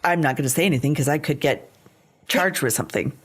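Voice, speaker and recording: Co-host, female, low voice, quick outraged reactions, swears freely. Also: husky. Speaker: podcast co-host. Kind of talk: casual true-crime chat.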